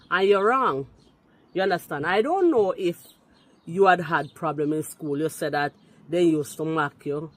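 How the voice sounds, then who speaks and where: A Jamaican-accented woman caller, forcefully rebutting in a heated call-in, slipping into patois. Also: deep voice. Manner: forceful, indignant, patois-laced.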